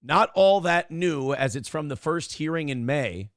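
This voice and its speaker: Male morning show host with a slightly high voice, dry close recording, rambling and swearing as he tells a story. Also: lively intonation, a little slow, a bit bright, no echo. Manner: profane, rambling, acts out quotes in other voices. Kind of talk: casual storytelling monologue.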